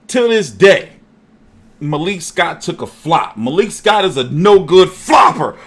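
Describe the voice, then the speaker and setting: Man, boxing show host, casual chat, highish voice, lively swings in pitch, joking and cursing. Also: a little slow. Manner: animated, profane, jokey.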